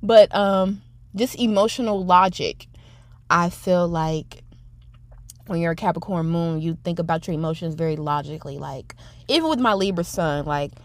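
A woman's voice: fairly low pitch, moderate pace. A young adult woman hosting her own podcast, talking in a chatty, rambling, self-reflective way. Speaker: podcast host. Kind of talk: casual solo podcast monologue.

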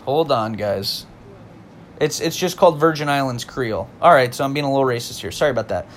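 A man's voice: mid-range voice, lively intonation, a little fast, a bit bright, a little hiss or hum. A man giving casual comedic commentary, rambling, swearing and mocking himself. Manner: rambling, profane, self-mocking. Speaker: video host reading lyrics.

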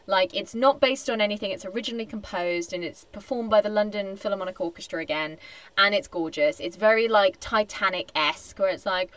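A woman co-hosting a podcast, chatting casually in an animated, wry way and laughing often. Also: mid-range voice, brisk, dry recording. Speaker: podcast co-host. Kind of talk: casual chat.

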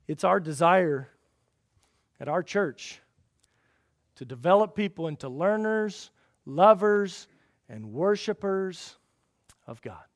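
A man preaching a sermon as pastor, asking the congregation rhetorical questions and swinging between loud emphatic peaks and quiet low passages. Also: lively intonation, slow pace, long pauses, dry recording, clean studio sound.

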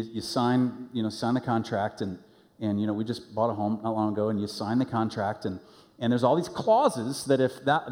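A middle-aged male pastor preaches energetically, narrating a story and performing the voices of the people he quotes. His voice is mid-range and slightly mellow, and the recording carries a long hall reverb.

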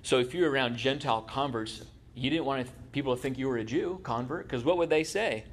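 A man preaching in a relaxed, conversational way, tossing in jokes for his congregation. His voice sits at a middle pitch for a man, and he speaks from a church sanctuary. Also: moderate pace, slight background noise. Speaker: pastor. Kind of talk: sermon.

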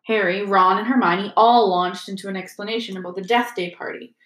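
A woman's voice: medium pitch, steady tone, a little fast, hardly any pauses, a bit bright. Woman reading an audiobook, echoey room. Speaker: audiobook reader. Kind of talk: audiobook narration. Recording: roomy echo.

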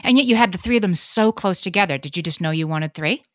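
A podcast co-host in her late thirties talks fast in a fairly low voice, recorded in a clean studio with no echo. She tells stories in casual chat, acting out other people's words with animation.

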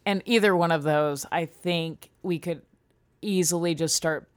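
Sarcastic woman comic, kinda low voice, blunt about everything. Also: measured pace. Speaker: stand-up comedian. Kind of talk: casual podcast chat.

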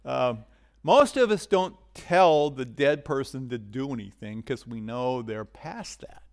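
A male pastor giving a sermon in a conversational way, swinging from loud emphasis down to a near-whisper. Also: mid-range voice, lively intonation, takes it slowly, gravelly, long pauses.

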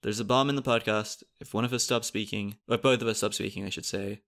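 Man, podcast host, rapid-fire, rambling, joking banter. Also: fairly low pitch, fairly even intonation, gravelly, fairly bright tone. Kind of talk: casual comedic podcast banter.

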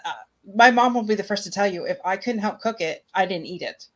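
A woman's voice: medium pitch, a little fast. A woman talking casually as a guest, hesitant and restarting her sentences, laughing now and then. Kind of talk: casual conversation.

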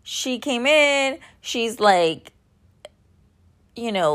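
A woman's voice: medium pitch, unhurried. A woman in her thirties tells a long story in a loose, chatty monologue. She rambles, fills gaps with filler words and swears bluntly. She sounds a little worn out. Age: 30s. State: tired.

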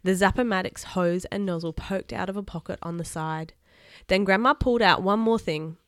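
Give me a woman reading a children's book aloud, expressive, recorded dry and close. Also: mid-range voice, normal speed, no echo. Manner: expressive, chatty asides to viewers. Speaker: storybook reader.

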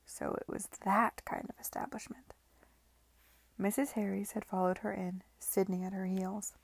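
A woman reading a novel aloud in a hushed, measured narration. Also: medium pitch, level tone, vocal fry, slightly rough, dry recording. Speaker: reader.

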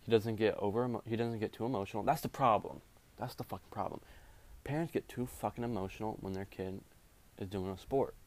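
A young man who referees jiu-jitsu rants casually and rambles, his speech full of swearing and heavy slang. His voice is fairly low, brisk, and a little mellow.

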